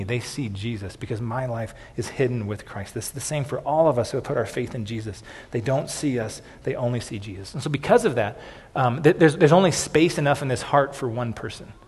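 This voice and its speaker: A man's voice: mid-range voice, a little fast, darkish tone, breathy edge, long reverb tail. A man preaching a sermon as pastor, earnest and repetitive, often restarting words and saying "okay" between points.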